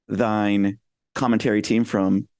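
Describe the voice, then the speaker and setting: A man's voice: on the low side, level tone, slow pace, darkish tone. A man hosting a podcast over a remote call, joking and teasing his guest. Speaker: podcast host. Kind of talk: casual chat.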